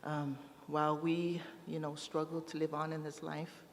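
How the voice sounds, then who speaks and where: A woman giving a gentle, hesitant eulogy with words of comfort at a funeral service. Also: sits low, level tone, moderate pace. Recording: reverberant hall with faint room noise.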